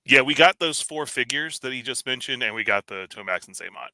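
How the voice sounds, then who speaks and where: A man's voice: mid-range voice, lively intonation, a little fast, sharp tone, no echo, rough recording. A man co-hosting a casual livestream podcast from home, making brief matter-of-fact remarks. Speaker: podcast co-host.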